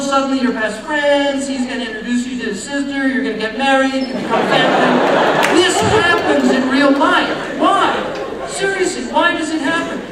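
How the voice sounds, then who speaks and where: An American man from the New York area giving a humorous public lecture, talking conversationally with joking asides and rhetorical questions. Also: very high voice. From United States, New York area. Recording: very echoey hall, voice from far off, noisy.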